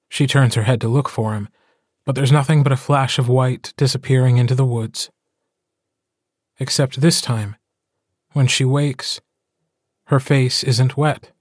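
Male audiobook narrator, calm and measured, unhurried; dry booth sound. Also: mid-range voice, no echo. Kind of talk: scripted narration.

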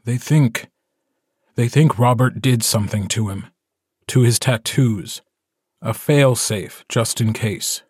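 A man's voice: medium pitch, slow, a little mellow, slightly rough, no echo, clean studio sound. A man voicing a weary, stubborn young man who leads a wolf pack, speaking firmly in an audiobook. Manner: weary, firm. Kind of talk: audiobook character voice.

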